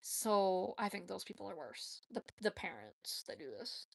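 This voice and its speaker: Blunt gravelly-voiced woman chatting live. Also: medium pitch, sing-song, normal speed. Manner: blunt and opinionated; frank, with frequent fillers and self-corrections. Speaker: vlogger answering viewer questions. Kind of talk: casual live chat.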